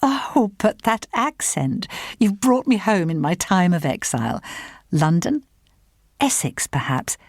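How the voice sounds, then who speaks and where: A woman reading the part of a merry, worldly retired woman in her later years, bright and amused in manner. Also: low-pitched, lively intonation, normal speed, no room sound, studio quality. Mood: amused, effusive. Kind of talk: audiobook character reading.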